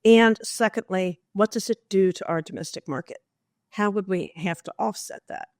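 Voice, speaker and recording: Measured woman explaining in dry sound. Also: medium pitch, animated, darkish tone, no room sound. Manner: measured, explanatory, with emphatic stress and rhetorical questions. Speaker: guest expert. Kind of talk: podcast interview answers.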